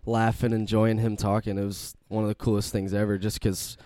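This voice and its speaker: Man, sports podcast co-host, casual, eager, dark mellow tone. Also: fairly low pitch, level tone, brisk.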